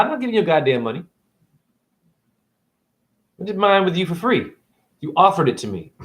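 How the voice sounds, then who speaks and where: A man vlogging a rambling spiritual monologue, preachy and profane. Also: on the high side. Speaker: spiritual video blogger.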